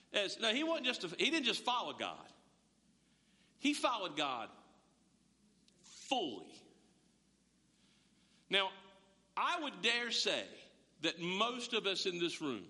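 High-voiced preacher in a hall. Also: male voice, sharp tone. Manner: conversational, rhetorical questions to the room. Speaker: pastor. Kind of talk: sermon. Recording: long hall reverb.

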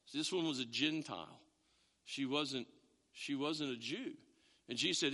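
A man preaching a sermon as a pastor, in an animated, conversational way with frequent restarts. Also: sits high, brisk, in a large hall.

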